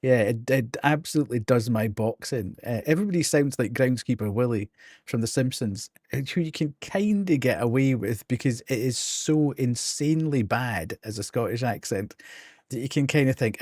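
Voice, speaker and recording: A man's voice: medium pitch, animated, moderate pace, darkish tone, dry recording, studio quality. A middle-aged man with a Geordie accent, chatting casually on a live game stream, laughing often between ums and restarts.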